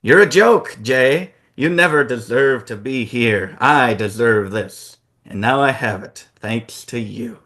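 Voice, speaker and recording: A man's voice: medium pitch, takes it slowly, few pauses, a bit bright. A man voicing a scheming wrestling champion who gloats over the friend he betrayed, in a smug, taunting tone.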